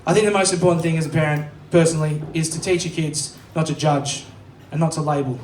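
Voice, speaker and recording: A high-pitched Australian man performing stand-up, rambling off into self-mocking asides and swearing. He is picked up from a distance in a roomy venue, with a faint ambience behind him. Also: fairly even intonation, fast talker, a little hiss or hum. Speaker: stand-up comedian. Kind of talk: live stand-up set. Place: live comedy venue.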